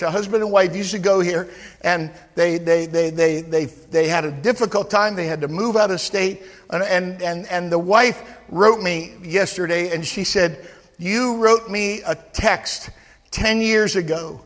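Male pastor, high bright voice, lively sermon delivery, long hall reverb. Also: normal speed, a faint crowd. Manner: animated, stammering restarts, acts out quotes. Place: church.

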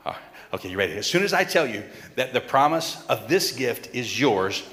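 A man giving a lively children's sermon, coaxing and calling out to the kids in a church. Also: mid-range voice, moderate pace. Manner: animated, coaxing, calls out to the kids. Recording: long reverb in a large hall, faint crowd.

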